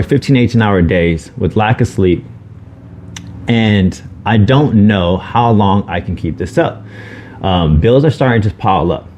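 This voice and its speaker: A man's voice: on the low side, a little mellow, slight background noise. A man co-hosting a podcast, talking earnestly and openly about hard times and swearing freely. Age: adult with children. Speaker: podcast co-host. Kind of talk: candid podcast conversation.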